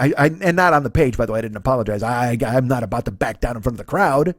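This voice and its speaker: A man's voice: mid-range voice, animated, very fast, few pauses, no echo, clean studio sound. A man in his forties, a comedian hosting his own podcast, ranting through a profane comedic monologue. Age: 40s. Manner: ranting, heavy swearing.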